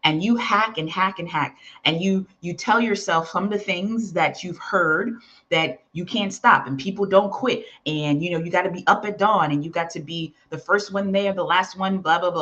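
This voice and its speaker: A woman's voice: on the low side, fairly bright tone, dull audio. A woman teaching in a sermon style, telling a story and acting out the voices of its characters. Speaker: preacher.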